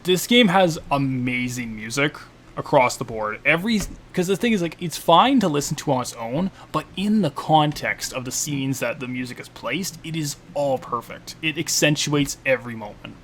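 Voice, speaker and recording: A man's voice: fairly high pitch, expressive, moderate pace, fairly bright tone, slight background noise. A man casually commenting on a video game playthrough, playful and self-mocking. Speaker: game critic doing a playthrough. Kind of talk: casual let's-play commentary.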